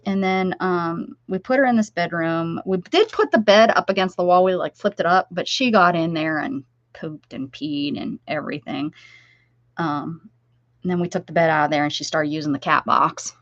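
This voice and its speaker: A woman's voice: on the low side, moderate pace, dry recording. Chatty middle-aged woman streaming crafts from home, dull lo-fi mic, dry room. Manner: chatty, rambling, talks to viewers by name. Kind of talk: casual live-stream chat while crafting.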